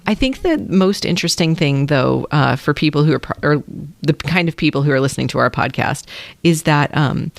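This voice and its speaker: A woman's voice: deep voice, creaky, dry recording. A woman co-hosting a podcast in casual chat, wry and organized as she leads the sign-off. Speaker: podcast co-host.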